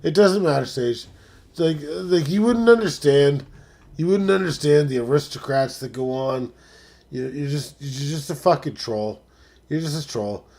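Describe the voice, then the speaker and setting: Man, streamer host, casual rambling talk, heavy swearing, a bit high-pitched. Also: normal speed, gravelly. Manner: profane, swings from mumbling to excited shouting. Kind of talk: casual live-stream commentary.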